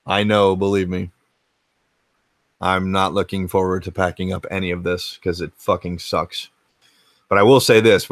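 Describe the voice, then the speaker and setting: A man's voice: sits low, a bit bright, no echo. An American man hosting a casual retro gaming livestream from his home game room, laid-back and rambling, swearing freely as he answers chat. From United States.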